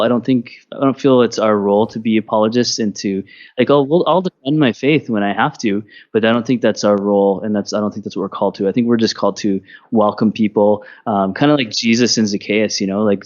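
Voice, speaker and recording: A Canadian man speaking as a podcast guest, relaxed and rambling with many restarts. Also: on the low side, fairly quick, lo-fi sound. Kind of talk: casual interview.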